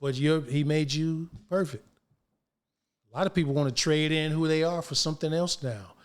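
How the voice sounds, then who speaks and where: A casual interview features an older male actor as guest, his voice somewhat high and his pace moderate. Animated throughout, he recounts anecdotes and voices quoted people in slangy speech.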